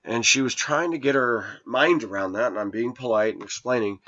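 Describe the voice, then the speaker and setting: A man's voice: medium pitch, normal speed, a bit bright, lo-fi sound. A man in his forties telling a rambling personal story in an indignant, preachy way to his viewers. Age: 40s. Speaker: vlogger.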